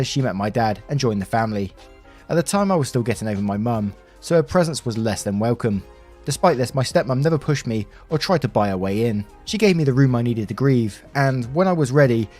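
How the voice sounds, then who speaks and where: Faint background music accompanies a male story narrator whose medium-pitched voice has a darkish tone. He reads online stories aloud conversationally, slipping in wry asides.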